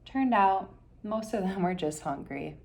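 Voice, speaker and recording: A woman's voice: medium pitch, animated, a little slow, gravelly, darkish tone. A woman voicing a kind, motherly baker. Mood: kindly. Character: kind older female baker, warm and reassuring.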